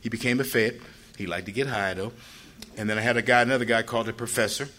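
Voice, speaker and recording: Older man telling a rambling, animated story. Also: mid-range voice, fast. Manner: animated, acts out quoted people with a raised voice; loose, rambling with frequent "you know" asides. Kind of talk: personal storytelling.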